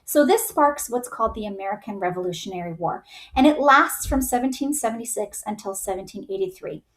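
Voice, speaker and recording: A woman's voice: mid-range voice, animated, fairly quick. A woman giving a casual history lesson as a teacher, chatty, with many "right?" tags and little put-on voices for the groups she describes.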